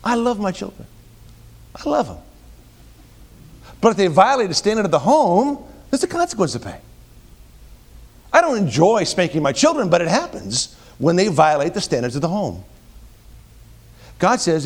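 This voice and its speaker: A middle-aged male pastor with a notably high voice preaches a sermon. He swings between loud, emphatic peaks and quiet, low asides. He often restarts phrases and repeats words mid-thought. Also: big pitch swings, normal speed, long pauses.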